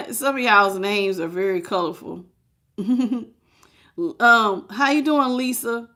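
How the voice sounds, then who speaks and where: A woman's voice: mid-range voice, slow pace, bright, forceful tone. A woman giving a casual live tarot reading, talking straight to the viewer and greeting people in the chat. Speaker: tarot reader.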